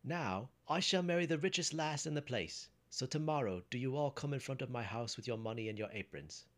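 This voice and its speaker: A man voicing an eager, boastful young farmhand who exclaims excitedly in a folk tale reading. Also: mid-range voice, fairly quick, pitched above the performer's own voice, lightly acted. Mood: triumphant.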